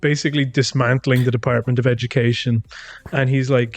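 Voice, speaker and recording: A man's voice: mid-range voice, little pitch movement, a little fast, no echo, faint music behind. An Irish man co-hosting a podcast in casual chat, retelling events and mimicking the people he quotes. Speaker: podcast co-host.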